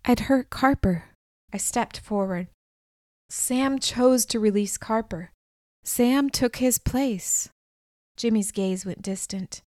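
A woman reads a first-person novel aloud, slow and deliberate, in a calm, measured voice. Each word is unhurried. The sound is dry and close, from a studio mic with no room around it. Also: fairly high pitch, no echo. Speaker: audiobook narrator. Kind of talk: scripted first-person audiobook narration.

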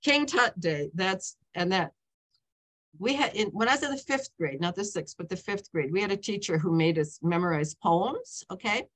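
An author in her seventies tells stories in a casual talk, her medium-pitched voice animated and her pace moderate. She rambles and keeps interrupting herself with "okay?" and "you know" to check in.

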